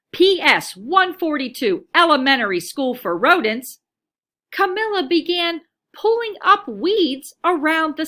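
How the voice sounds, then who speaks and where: A woman teacher reading a children's picture book aloud, telling it expressively. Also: sits high. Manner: expressive storytelling, lively.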